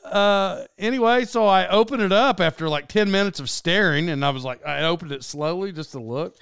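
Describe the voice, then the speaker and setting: A man in his thirties telling rambling, animated stories in a casual monologue as a podcast host. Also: high-pitched, brisk, vocal fry, clear, resonant tone, dry recording, studio quality. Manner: rambling, animated storytelling with laughs.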